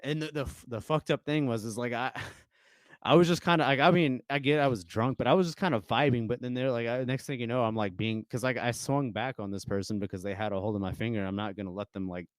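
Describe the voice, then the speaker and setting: A man's voice: medium pitch, fast talker, no echo. A young man telling stories as a podcast guest in a casual, rambling way, full of fillers and restarts. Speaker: guest musician.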